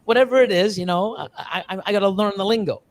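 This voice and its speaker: His voice sits high: a Canadian man who breeds reptiles, chatting casually as a live-stream guest. He rambles sincerely, restarting often and using lots of fillers, occasionally doing quick impressions of other people.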